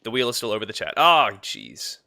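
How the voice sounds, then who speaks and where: In a gravelly, sharp mid-range voice with huge pitch swings and a brisk pace, a young man chats with his stream viewers while gaming. His casual talk rambles, aimed at chat, packed with fillers and restarts.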